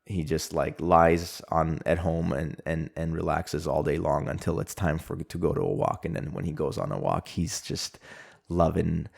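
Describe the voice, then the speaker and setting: A man's voice: very deep voice, moderate pace, vocal fry. A young man with a Canadian accent hosting a casual solo podcast, telling stories in a rambling way with lots of fillers and little chuckles. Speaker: podcast host.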